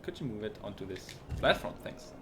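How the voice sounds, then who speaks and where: A man's voice: lowish voice, sing-song, brisk, background noise. A man commentating his own speedrun live, dry and sarcastic, swearing when things go wrong.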